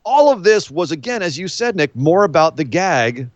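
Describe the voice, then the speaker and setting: A man co-hosting a casual wrestling recap chat, animated and acting out scenes in silly voices. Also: a little high, normal speed, no echo, dull audio. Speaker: podcast co-host.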